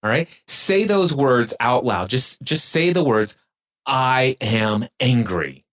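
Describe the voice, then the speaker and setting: Expressive and a little slow, this man's mid-range, somewhat bright voice carries a relaxed spiritual chat on a podcast where he's a guest. He reflects on awareness and leads listeners through exercises out loud.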